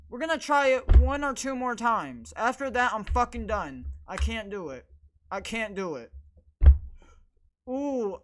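A gaming video creator giving gameplay commentary, frustrated and swearing constantly while ranting at the game. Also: medium pitch.

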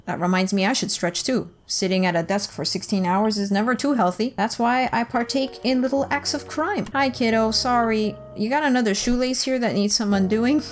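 A woman's voice: on the high side, normal speed, hardly any pauses. A young woman giving silly let's play commentary, talking to the game's characters and pleading in squeals.

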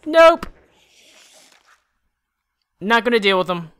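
A let's play gamer swearing and shouting at enemies while commenting on the game to the viewer. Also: mid-range voice, moderate pace. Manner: profane, excitable, yells at enemies on screen; talks to the viewer while playing. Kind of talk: casual gameplay commentary.

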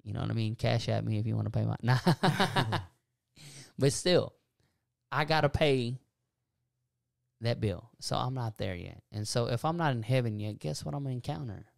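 A young man talking casually about faith and self-forgiveness on a podcast, animated and preachy, laughing often. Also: medium pitch, normal speed, vocal fry, long pauses, no room sound, studio quality. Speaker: podcast co-host.

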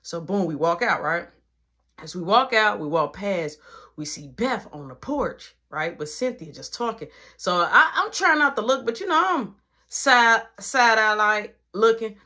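Slangy, animated young man telling a story. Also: high voice, unhurried. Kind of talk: casual storytime vlog.

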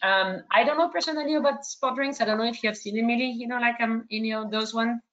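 A woman's voice: fairly high pitch, fast talker, fairly bright tone, highs cut off. A woman from France with a slight French accent, moderating an online webinar Q&A in a hesitant way, full of fillers and restarts.

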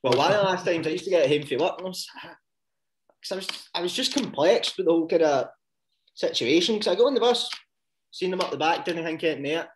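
A man's voice: a little high, expressive, fast talker, a little hiss or hum. A man with a Scottish accent, telling rambling, sweary stories in casual podcast chat and breaking into laughs. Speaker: podcast co-host.

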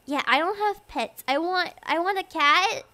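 A woman's voice: very high-pitched, a little slow, pushed and bright, slight background noise. A young woman streaming a game, chatting in a bubbly, giggly way with her viewers. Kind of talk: casual live-stream chat while gaming.

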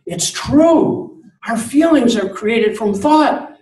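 A man voicing his excited, dramatic fourteen-year-old daughter in a raised, laughing voice while telling a story. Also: very high-pitched, takes it slowly, voice pushed up, exaggerated voice. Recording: roomy, distant mic.

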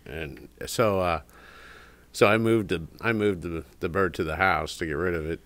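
A man's voice: low voice, fairly even intonation, normal speed, a bit bright, no echo. A man co-hosting a casual podcast from a shop, telling rambling stories with many fillers. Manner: rambling storyteller, mimics a parrot's squawk. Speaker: podcast co-host. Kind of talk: casual chat. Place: cigar shop.

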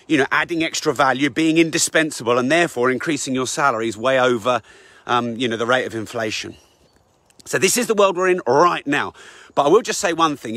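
A man talking on a live stream while walking, a bit out of breath, making an eager sales pitch full of fillers. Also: a bit bright, no room sound. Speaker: business coach promoting his event. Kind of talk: live-streamed casual talk.

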